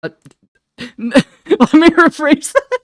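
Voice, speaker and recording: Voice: sits high, very animated, drawn-out words, fairly bright tone, no echo, clean studio sound. A streamer playing a life-sim game in casual live-stream chat, who jokes, swears freely, laughs at their own slips and sometimes drops into a put-on mobster accent.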